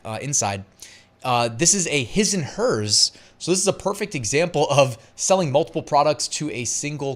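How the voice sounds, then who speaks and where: A man hosting a casual online business tutorial, chatty and upbeat, laughing easily as he talks. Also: mid-range voice. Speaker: host.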